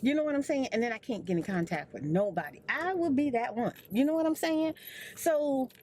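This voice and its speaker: Older woman, high and very lively voice, rambling story chat; complaining, repeats herself, acts out every line. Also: brisk, slight background noise. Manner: animated, repetitive, complaining, acts out dialogue. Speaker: ASMR creator.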